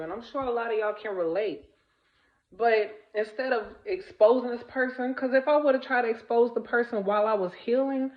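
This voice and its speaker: This spiritual vlogger, a woman with a medium-pitched voice, talks casually through lo-fi sound. Her delivery is blunt and forceful, with repeated phrases for emphasis and plenty of swearing.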